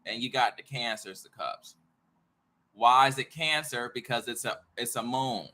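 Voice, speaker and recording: Rambling man with a bright, forceful voice. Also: mid-range voice, moderate pace. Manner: repetitive, jumps between ideas, mutters swears to himself. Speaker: astrology and tarot teacher. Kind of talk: rambling casual monologue.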